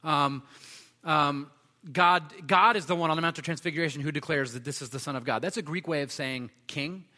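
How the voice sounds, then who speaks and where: A man's voice: on the high side, fairly quick, bright, forceful tone, in a large hall. A man preaching a sermon in a conversational way, with frequent fillers and restarts.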